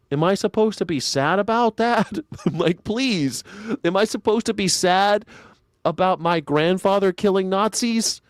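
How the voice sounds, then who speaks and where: A man's voice: high-pitched, smooth, no echo, studio quality. A man hosting a live news reaction show, talking in a sarcastic, rambling way with many stumbling restarts. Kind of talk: casual political commentary.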